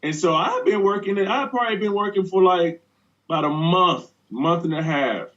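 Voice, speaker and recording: A man's voice: sits high, normal speed, a bit bright. A male actor as an interview guest, telling anecdotes in a laid-back way and laughing often. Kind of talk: relaxed interview storytelling. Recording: dull lo-fi sound.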